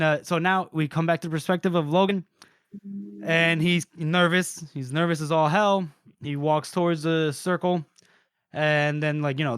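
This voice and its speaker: A man's voice: a little high, clean tone, no echo, clean studio sound. A young man co-hosting a casual book podcast, laughing often and acting out characters' lines as he recaps. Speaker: podcast co-host.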